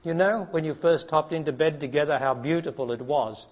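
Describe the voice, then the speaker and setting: A man giving a spiritual talk to an audience, blunt and challenging, dropping to hushed tones and then rising to emphatic ones. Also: brisk. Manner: blunt, challenging, preacher-like, asks direct questions; swings between hushed low passages and raised emphatic ones. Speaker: spiritual teacher.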